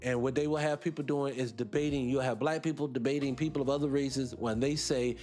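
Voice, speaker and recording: A man hosting a radio talk show, arguing his points in an animated, rhetorical way and repeating himself for emphasis. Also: mid-range voice, brisk, soft background music. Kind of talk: opinionated solo radio talk.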